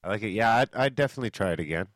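A man's voice: lowish voice, animated, racing, a bit bright, no room sound. A man co-hosting a podcast in casual chat, joking around and swearing freely. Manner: joking, profane banter. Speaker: podcast co-host.

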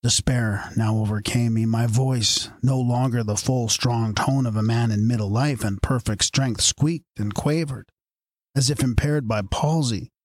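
Man, audiobook narrator, measured storytelling, husky voice, dry close recording. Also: mid-range voice, fairly even intonation, darkish tone, no echo.

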